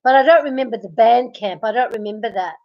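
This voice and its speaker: High-voiced woman hosting a livestream. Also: fast, vocal fry, highs cut off. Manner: chatty, greets viewers by name, laughs a lot. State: losing her voice. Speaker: livestream host. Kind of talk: casual live chat reading comments. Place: at home, in bed.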